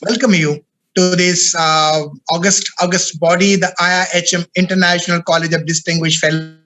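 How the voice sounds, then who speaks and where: A man's voice: high-pitched, flat delivery, moderate pace, sharp tone. A man hesitantly congratulating an honoree at a ceremony, with many fillers. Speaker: institute head congratulating honoree.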